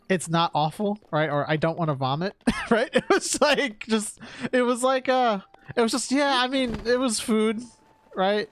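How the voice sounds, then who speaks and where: A man from New York chatting casually while streaming, rambling with lots of "like" and "right?" and frequent laughs. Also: a little high.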